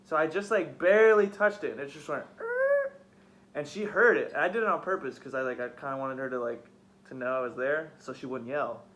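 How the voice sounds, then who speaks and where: Bright-voiced young man telling a heated story. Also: fairly high pitch, quick pace. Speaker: podcast host. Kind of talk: casual storytelling chat.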